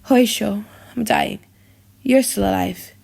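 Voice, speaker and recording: A woman's voice: medium pitch, a little slow, creaky, darkish tone. A woman reading the lines of a bitter young prince in an audiobook drama, wry and cutting.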